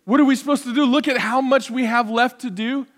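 Male pastor, earnest exhorting sermon, high pitch, long church reverb. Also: steady tone, brisk, fairly bright tone. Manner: earnest, exhorting, rhetorical questions.

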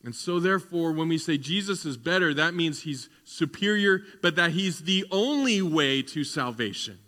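Pastor, male, fairly high bright voice, conversational sermon that swells into fervor, hall echo. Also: animated, normal speed. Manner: conversational preaching that builds to fervent emphasis.

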